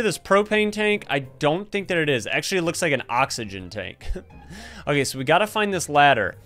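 A young man doing let's-play commentary of a horror game, talking to viewers and yelping at every scare. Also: on the high side. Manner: excitable, yelps and shouts at scares; talks to viewers as "you guys". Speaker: gaming YouTuber. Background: game music.

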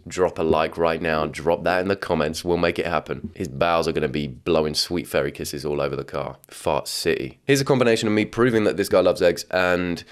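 A young man with a somewhat low voice hosts a comedic reaction video. He rambles from joke to joke, laughing often and swearing freely. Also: brisk, hardly any pauses, clean tone.

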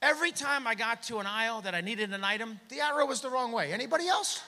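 A man doing a stand-up comedy set, animated, acting out shouted bits of his stories. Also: very high-pitched, quick pace. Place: theater stage. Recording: long hall reverb from a theater.

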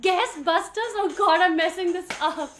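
A young woman vlogger talking fast and giggling through her bloopers. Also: sits high, lively intonation, fairly bright tone. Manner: hyper, giggly, talks fast. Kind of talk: bloopers vlog.

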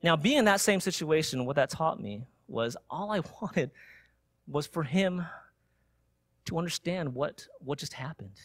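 A young adult man preaching, telling a personal story in an animated way and asking "right?" again and again. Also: fairly high pitch, a little slow, no room sound, studio quality. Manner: animated storytelling with frequent "right?" tag questions. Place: church sanctuary.

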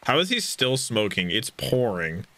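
Young adult, reaction host, loud exclaiming commentary, bright voice, animated pitch. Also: measured pace, no room sound. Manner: loud, exclaiming, swears often. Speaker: anime reaction channel host.

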